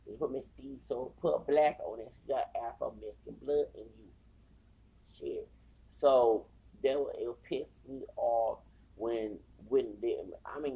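A man's voice: mid-range voice, warm tone. A man ranting in casual commentary, heated and profane, repeating himself, in dull lo-fi audio. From Texas. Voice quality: gravelly. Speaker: commentator on a YouTube livestream.

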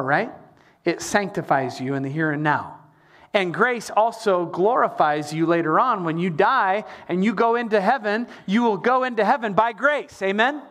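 A middle-aged man preaching a sermon as pastor, animated, with emphatic repetition and the odd sung line. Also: high voice.

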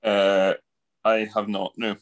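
Male co-host, lowish voice, casual podcast chat, hesitant storyteller. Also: little pitch movement, takes it slowly. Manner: hesitant storytelling, restarts often.

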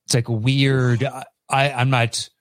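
A man's voice: medium pitch, level tone, a little slow, no room sound, clean studio sound. A man co-hosting a podcast over a video call, chatting casually in a laid-back way and trailing off. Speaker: podcast co-host. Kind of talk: casual chat.

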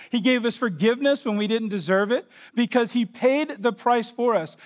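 A man preaching a sermon, telling a story and rising into impassioned emphasis. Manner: storytelling, drops to a hushed low voice for emotional moments. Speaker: pastor.

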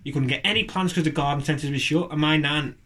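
A man's voice: fairly high pitch, fast, a bit bright. A man chatting on a podcast, rambling and joking with lots of fillers and restarts. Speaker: podcast co-host. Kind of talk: casual chat.

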